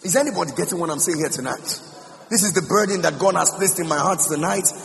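Man, gravelly, fairly high voice, emphatic sermon, long church reverb. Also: fast, fairly bright tone. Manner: emphatic, repeats phrases, sings out some lines. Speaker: pastor. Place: church hall. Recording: reverberant hall with music behind.

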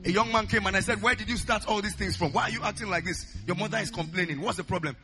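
A man preaching as a pastor, leading loud prayer with fervent, repeated declarations, each phrase often opened with "uh". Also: sits high, quick pace, music in the background. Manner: repeats lines in a rhythmic chant. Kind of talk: sermon and loud congregational prayer.

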